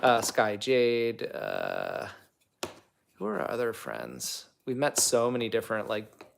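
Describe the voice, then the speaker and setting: A man's voice: on the low side, wildly swooping pitch, slow, gravelly, noisy background. A young man hosting a casual livestream, answering viewer comments in a rambling, chatty way full of fillers. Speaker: livestream host and actor.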